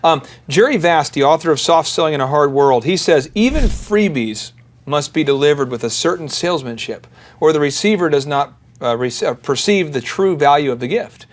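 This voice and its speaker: Man, podcast host, casual business chat, animated storyteller, slightly high voice. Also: normal speed. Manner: animated storyteller, acts out quoted callers.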